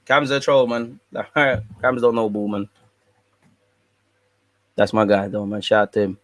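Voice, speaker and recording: A man with a fairly low voice hosts a fan channel, reading and answering viewer comments in a laid-back, slangy, bantering way. He speaks a little slowly, with no echo.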